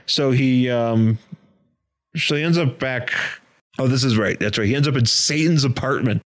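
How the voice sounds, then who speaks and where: A man's voice: medium pitch, normal speed. Laid-back joking man in casual chat. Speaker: podcast co-host. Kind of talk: casual comedic chat recapping a comic.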